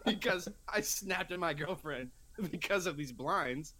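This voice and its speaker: A man's voice: a little high, takes it slowly. A young man co-hosting a podcast, rambling through stories in casual chat and acting out his own quoted lines. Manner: rambling, animated storytelling with put-on quoted voices. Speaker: podcast co-host.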